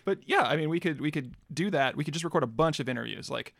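A man's voice: a little high, lively intonation, quick pace, gravelly, fairly bright tone, no room sound, studio quality. A man from the Midwest co-hosting a podcast, rambling through jokes with many fillers in casual chat. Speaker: podcast co-host.

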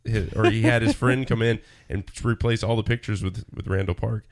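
A man's voice: on the low side, steady tone, brisk. A man co-hosting a podcast in a casual, rambling chat, full of fillers. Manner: laid-back, rambling with fillers. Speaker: podcast co-host.

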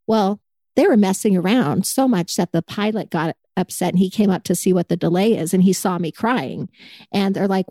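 Woman telling travel stories, mellow dry voice. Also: on the low side, brisk, dry recording. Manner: animated storyteller, acts out quoted people. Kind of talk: casual chat.

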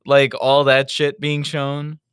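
Podcast dude talking slow, bright crisp voice, dry close mic, kinda fed up. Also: male voice, medium pitch, completely flat delivery, dry recording. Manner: exasperated, blunt, swears casually. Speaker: podcast co-host. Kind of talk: casual review chat.

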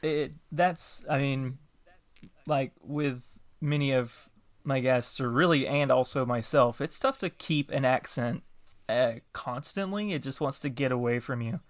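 A man's voice: medium pitch, a little slow, no room sound. Man hosting a casual chat. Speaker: podcast host, game master.

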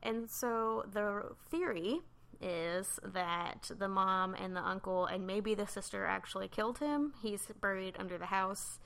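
A woman with a mid-pitched voice tells a story casually on a podcast. She talks in loose, chatty runs filled with "like" and restarts. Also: a little slow, gravelly, a bit bright, clear, resonant tone. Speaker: podcast co-host. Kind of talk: casual chat.

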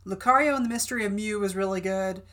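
A woman's voice: medium pitch, quick pace, a bit bright. A young woman co-hosting a podcast in casual chat, full of "like" and "um". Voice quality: chatty, lots of "like" and "um". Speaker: podcast co-host.

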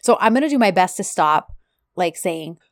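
A woman's voice: on the low side, lively intonation, normal speed, no room sound. Chatty woman podcast co-host, dry sound. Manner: chatty, lots of fillers and "like". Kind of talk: casual chat.

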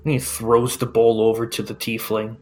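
A man narrating a tabletop game as game master, describing scenes in a measured way. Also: medium pitch, little pitch movement, a little mellow.

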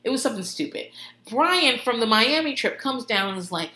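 A woman's voice: a little high, brisk, roomy sound. A woman hosting a podcast, telling stories in casual, profane chat and laughing often. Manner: profane, laughing, animated storytelling. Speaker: podcast host.

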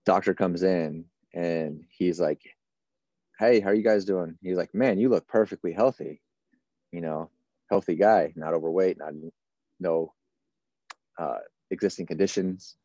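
Deep-voiced man in his thirties telling a story. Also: warm tone, dry recording, lo-fi sound. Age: 30s. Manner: casual, run-on retelling with many quoted exchanges. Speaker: firefighter guest. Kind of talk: storytelling in an interview.

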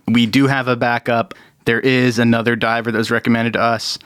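A man's voice: medium pitch, monotone, fairly quick, fairly bright tone, clear, resonant tone, dry recording, studio quality, close to an everyday voice. A man voicing a serious, all-business woman FBI agent. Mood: businesslike.

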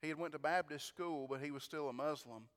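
A man preaching a storytelling sermon, animated, stumbling over repeated words and breaking into praise. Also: a little high, fairly quick, big-room sound.

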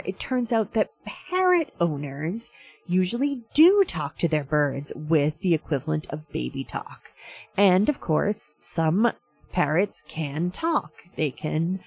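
A woman's voice: lowish voice, gravelly, a little mellow, breathy edge. A woman hosting a casual talk segment, chatty and full of fillers as she walks through a science story. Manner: chatty, many fillers, self-described science dork. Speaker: host.

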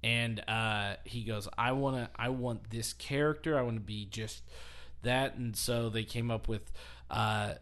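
A man hosting a podcast, telling long rambling stories in casual chat and breaking into quick laughs. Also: medium pitch, steady tone, a bit bright. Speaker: podcast host.

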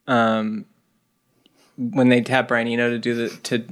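A man's voice: mid-range voice, level tone, unhurried. A man on a band podcast musing loosely in casual chat, with many fillers. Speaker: band member podcast host.

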